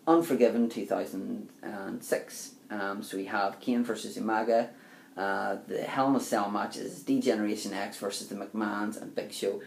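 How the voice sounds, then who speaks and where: A man's voice: fairly low pitch, gravelly, a little mellow. A young man casually reviewing a wrestling event for his video channel, rambling with plenty of ums and uhs. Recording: echoey room, faint background hiss.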